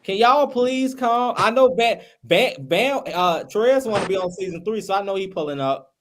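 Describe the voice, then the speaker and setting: A man hosting a casual talk show, animated and joking, pleading with his audience. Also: high-pitched, normal speed. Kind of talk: casual chat.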